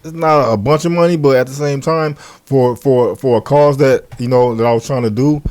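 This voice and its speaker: A man answers questions earnestly on a casual podcast, pausing and restarting often. His voice sits in a mid range. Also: medium pitch, fairly even intonation, a little mellow. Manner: earnest, halting, many restarts and "you know". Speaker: guest, ministry mentor. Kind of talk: casual interview talk.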